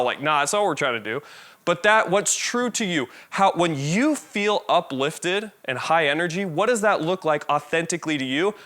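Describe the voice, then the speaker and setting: A man giving a casual, animated lecture on body language and presenting, talking conversationally and demonstrating different energy levels. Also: fairly high pitch.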